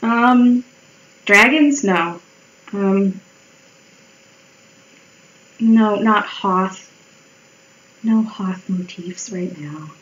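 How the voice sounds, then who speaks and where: Slow-talking woman with a tiring voice. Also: medium pitch, lo-fi sound. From United States. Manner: rambling, swearing, self-mocking. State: voice wearing out. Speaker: livestreamer drawing. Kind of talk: casual chat while drawing.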